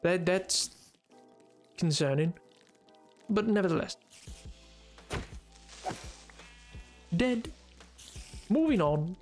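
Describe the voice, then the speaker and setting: A man doing a put-on posh English accent as a prim, fussy gentleman, with mannered phrasing, while commentating his game stream. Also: high-pitched, animated, takes it slowly, faint music behind. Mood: genteel.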